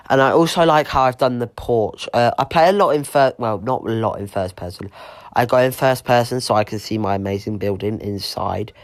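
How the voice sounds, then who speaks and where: A man chatting casually to viewers as he shows off a house he built in a game, rambling with lots of fillers and restarts. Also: fairly low pitch. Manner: chatty and informal, speaking straight to viewers. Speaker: gaming YouTuber showing a house build.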